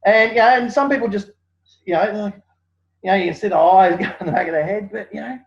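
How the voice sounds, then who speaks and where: A man appearing as a guest in a casual interview tells stories animatedly, acting out what people said and using many fillers. His voice is high-pitched and creaky, he talks fast, and the recording has a dull, lo-fi sound.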